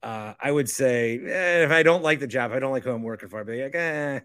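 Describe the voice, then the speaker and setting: A man's voice: medium pitch, fast, a bit bright. A man hosting a podcast, rambling casually and mocking himself, with the odd swear. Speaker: podcast host.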